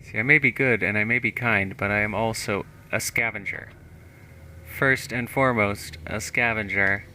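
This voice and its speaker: A man streams a game live and narrates casually as he loots and explores. His talk is chatty and unhurried, full of small asides. His voice is strikingly bright and sharp. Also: on the low side, a little hiss or hum. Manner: casual, chatty, thinking aloud.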